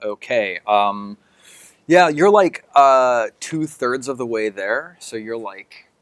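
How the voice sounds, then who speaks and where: A man's voice: mid-range voice, expressive, slow pace, fairly bright tone, clear, resonant tone, dry recording. A man running a tabletop game as game master, describing the scene in a loose way full of fillers like "like" and "uh".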